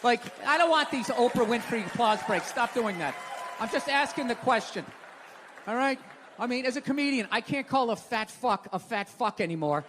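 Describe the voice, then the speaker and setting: A middle-aged man doing stand-up comedy, ranting loudly with profanity and dropping to mumbles between yells. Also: very high voice, animated, moderate pace. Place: large theater stage. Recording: live theater recording with long hall reverb and crowd noise. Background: audience laughter and applause.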